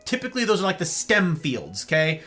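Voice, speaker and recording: A man's voice: high voice, wildly swooping pitch, brisk, sharp tone, soft background music. A male host giving an emphatic, sarcastic monologue on a live-streamed talk show, with playful asides.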